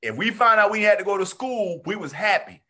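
High, bright-voiced man telling stories. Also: brisk. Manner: animated, slangy, acts out quotes. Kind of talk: casual storytelling chat.

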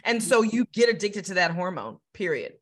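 A woman's voice: mid-range voice, sing-song, normal speed. A woman hosting a podcast in casual chat, enthusiastic and full of effusive praise. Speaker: host.

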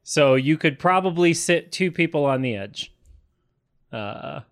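A man at a tabletop game explains spells and planning in casual chat. His voice sits a little high, and he asks quick rules questions. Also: animated, clean tone. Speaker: player.

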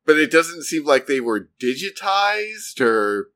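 A man co-hosts a casual podcast at an unhurried pace. He mostly listens, offering short acknowledgements and tentative, laid-back questions. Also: fairly high pitch, big pitch swings, pushed and bright. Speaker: podcast co-host. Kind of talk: casual chat.

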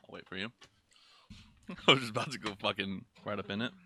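A man's voice: lowish voice, brisk, bright, forceful tone. A young man hosting a snack-tasting vlog, joking around and swearing casually. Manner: joking, profane, laughs often. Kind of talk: casual chat.

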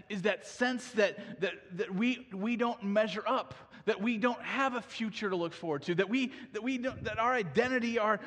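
A man's voice: high-pitched, a bit bright, big-room sound. A male pastor preaching a sermon in a casual storytelling way, full of fillers.

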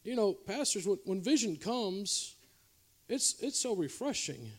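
A man preaching a revival sermon as a pastor, swinging between loud exhortation and quiet, confessional asides to the congregation. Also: big pitch swings, measured pace. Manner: preaching with shifting loudness, from shouting highs to quiet confessional lows. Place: church revival service.

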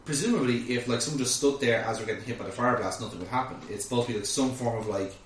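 A podcast host recaps an episode in casual chat, rambling with many fillers and restarts. His medium-pitched voice races along, heard from a distant mic in an echoey room with a little hiss or hum.

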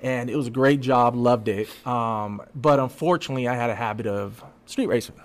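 A man's voice: mid-range voice, a little fast. A man in his late twenties, a podcast guest telling stories casually and animatedly, swearing freely. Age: late 20s. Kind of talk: casual storytelling.

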